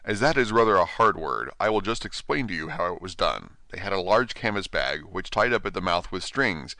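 A man narrating a storybook in an expressive, animated way on a close mic. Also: deep voice, brisk, no room sound. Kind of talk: storybook reading.

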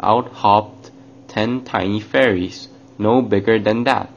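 A man's voice: fairly low pitch, gravelly. A man narrating a children's fairy tale, addressing young listeners. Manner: slow, warm address to children. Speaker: storyteller. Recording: dull lo-fi, faint hiss.

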